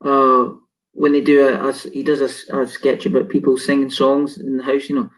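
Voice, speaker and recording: A man's voice: mid-range voice, monotone, moderate pace, poor audio. A man co-hosting a casual chat, rambling and laughing as he loses his train of thought. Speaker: co-host.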